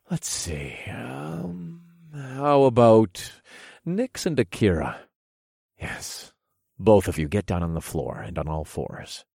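Deep husky male narrator. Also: no room sound, clean studio sound. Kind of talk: first-person erotic story narration.

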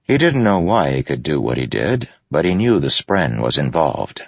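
A man narrating a story in a measured, steady way. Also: extremely low pitch, gravelly, slightly rough, no echo, dull audio. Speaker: audiobook narrator. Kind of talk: scripted narration.

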